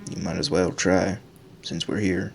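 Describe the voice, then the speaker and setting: A man's voice: sits low, a little slow, vocal fry, a little hiss or hum. A man voicing a curt, aloof young woman showing a guest around her house in a story game. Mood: dry. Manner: curt, flat.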